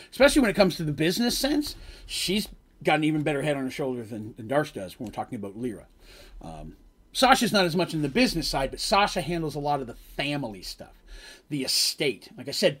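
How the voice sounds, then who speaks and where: A man casually telling an improvised fantasy story, rambling and chatty with asides. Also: on the high side.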